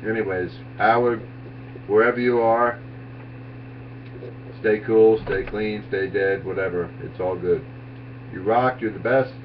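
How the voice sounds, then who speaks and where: A man's voice: on the low side, fairly even intonation, a little slow, long pauses. A man giving a rambling, offhand comedic tribute who keeps losing his thread. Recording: distant, dull lo-fi with faint hiss.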